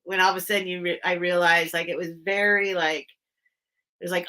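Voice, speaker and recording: Bright-voiced chatty middle-aged woman. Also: on the low side, flat delivery, fairly quick. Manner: chatty, meandering, greets viewers by name. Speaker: host of a live vintage sale. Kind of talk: rambling live-stream chat.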